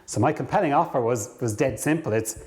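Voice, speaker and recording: A man speaking straight to camera in a mid-range voice, coaching his audience through a story about his work. He brings the tale to life by acting out what people said, then slows right down to drive a point home. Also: medium pitch. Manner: lively storyteller, acts out dialogue. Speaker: career coach.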